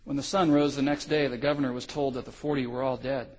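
A middle-aged male pastor telling a story in a sermon, swinging from loud cries to hushed lows. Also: fairly even intonation, fast, rough recording.

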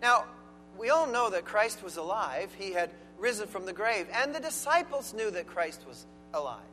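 A man's voice: high-pitched, sing-song, moderate pace, sharp tone. A man preaching a sermon as pastor, earnest and emphatic, stressing key words. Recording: long hall reverb with faint music.

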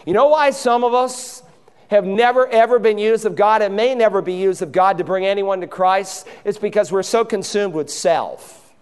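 Male pastor, high resonant voice, impassioned sermon delivery, big reverberant church. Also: normal speed, darkish tone, clear, resonant tone. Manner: impassioned preaching, acting out quoted voices. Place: church sanctuary.

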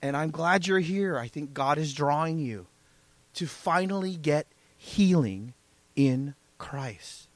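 A man's voice: fairly high pitch, expressive, slow pace, no echo. A man preaching a sermon as pastor, emphatic, often asking the congregation "right?" and "amen?".

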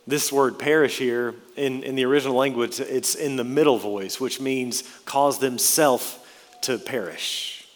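A man preaching a sermon and reading scripture aloud, slowing down and stressing key words in an earnest way. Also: medium pitch. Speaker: pastor. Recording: long reverb of a large hall.

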